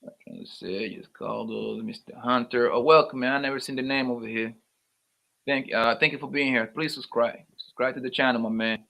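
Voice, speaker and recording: This livestream host is a man whose mid-range voice sounds steady, brisk, creaky and slightly bright. In relaxed chat, he calls out viewer names, says hello, and ribs them in easygoing slang.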